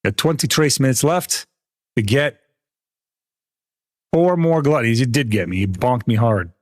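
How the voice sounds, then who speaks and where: A man's voice: mid-range voice, unhurried, no room sound, clean studio sound. A young man streaming a video game, chatting casually with viewers, laughing often and explaining game mechanics. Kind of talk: casual gameplay commentary.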